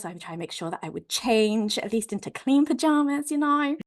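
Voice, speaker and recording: Frank woman telling her story. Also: mid-range voice. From Wales. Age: adult mother. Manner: frank, expressive, peppered with "like" and mild swearing. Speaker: podcast guest. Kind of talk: candid conversational storytelling.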